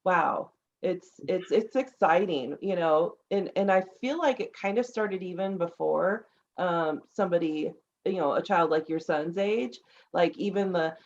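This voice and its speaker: A woman's voice: on the low side, a little slow. Woman, podcast host, casual chat, rambling, lots of fillers, somewhat muffled recording. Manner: rambling, many fillers and restarts. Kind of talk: casual conversational interview. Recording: slightly dull lo-fi audio.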